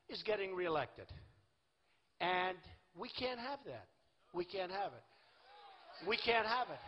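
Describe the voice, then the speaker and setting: Rally speaker, man in his sixties, boastful and repetitive, fairly high voice, husky, long hall echo, dull lo-fi sound. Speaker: political candidate. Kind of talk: campaign rally speech. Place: large rally venue. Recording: lo-fi echoey hall recording.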